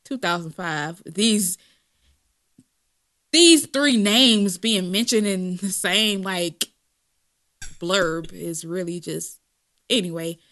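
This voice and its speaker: A woman's voice: on the low side, slow pace, long pauses, a bit bright. A woman co-hosting a casual gossip podcast, slangy and dramatic, laughing often. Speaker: podcast co-host.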